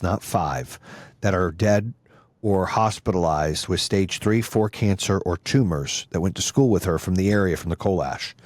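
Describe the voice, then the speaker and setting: A man's voice: low voice, darkish tone, no echo. A middle-aged man talking as a podcast guest in casual conversation, blunt and heated, swearing freely and repeating his points for force.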